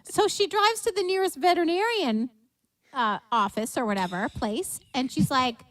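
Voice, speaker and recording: High, lively woman telling a story. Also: normal speed. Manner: animated, laughing storyteller who acts out voices. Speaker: co-host of a livestream music show. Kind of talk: casual chat and storytelling.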